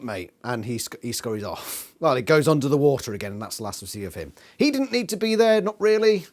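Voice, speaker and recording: A man's voice: mid-range voice, a little mellow. Sweary sarcastic man. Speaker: book reviewer. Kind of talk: casual book review vlog.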